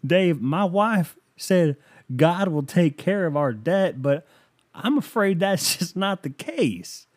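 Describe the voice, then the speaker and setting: Comic bit: hesitant broke young caller, higher and slower than the performer's own voice, done by a man. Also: animated. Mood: sheepish. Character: young male caller, broke, married, twenty-five.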